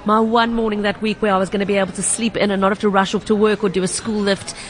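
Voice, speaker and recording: A woman hosting a radio consumer call-in show, talking in a measured, conversational way. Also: medium pitch, flat delivery. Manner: measured, conversational, reads listener messages aloud.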